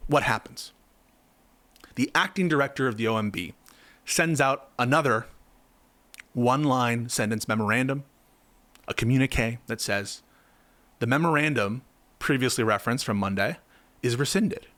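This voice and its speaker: A man's voice: mid-range voice, expressive, normal speed, pauses often, fairly bright tone, no echo. A man giving impassioned political commentary, heated and sarcastic, firing off rhetorical questions.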